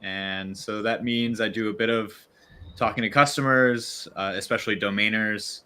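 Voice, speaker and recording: A man's voice: lowish voice, fairly even intonation, moderate pace, sharp tone, clean tone. A man on a video call, guest on a casual livestream, explaining his work with frequent fillers and restarts. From Virginia. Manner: hesitant, many fillers and restarts. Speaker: growth lead guest.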